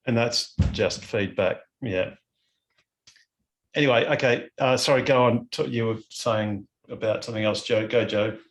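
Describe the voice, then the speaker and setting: A man's voice: medium pitch, fairly even intonation, normal speed, slight background noise. An Australian man hosting a casual club video call, often apologising and sorting out turns to speak. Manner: flustered, apologetic moderating.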